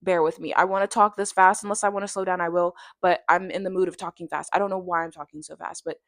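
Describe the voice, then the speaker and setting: A young woman in her twenties, a vlogger chatting casually and tiredly to camera, rambling quickly through tangents with many fillers. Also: fairly low pitch, fairly even intonation, dry recording, clean studio sound.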